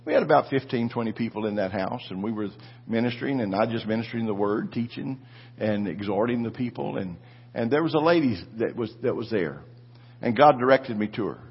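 Man, pastor, fervent sermon storytelling, husky voice, muffled lo-fi recording. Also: mid-range voice, expressive, a little fast. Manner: fervent, repetitive preaching with call-and-response.

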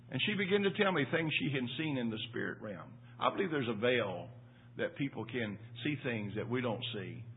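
A man's voice: medium pitch, animated, normal speed, breathy edge. An older man preaching a sermon in a folksy storytelling way, repeating his words as he goes. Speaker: pastor. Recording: tinny phone-like sound.

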